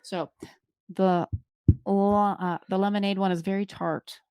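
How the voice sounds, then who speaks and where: A woman's voice: mid-range voice, steady tone, unhurried, a little mellow, clear, resonant tone, no room sound, studio quality. A woman co-hosting a podcast, explaining things in a chatty, informative way with filler words. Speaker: podcast co-host. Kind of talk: casual chat over drinks.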